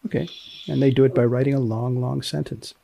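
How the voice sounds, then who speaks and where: Gravelly man hosting a podcast. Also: mid-range voice, fairly even intonation, a little fast, mellow, no echo, studio quality. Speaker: podcast host. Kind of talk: podcast interview.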